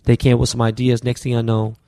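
Fast, gravelly-voiced man telling stories. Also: medium pitch, no echo, clean studio sound. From US West Coast. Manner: animated, profane, slang-heavy storytelling. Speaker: podcast guest. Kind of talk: casual storytelling interview.

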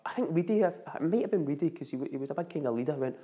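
A middle-aged man with a Scottish accent telling a story in casual chat, animated and laughing often. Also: a little high, racing.

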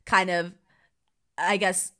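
A woman's voice: on the low side, little pitch movement, slow, sharp tone. A woman co-hosting a podcast, recapping a movie in casual, rambling chat full of fillers and laughs. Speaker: podcast co-host.

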